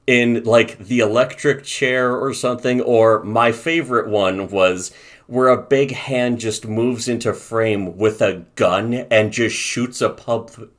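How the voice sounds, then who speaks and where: A man co-hosting a casual commentary podcast, ranting profanely and reading from his notes. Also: mid-range voice. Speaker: podcast co-host.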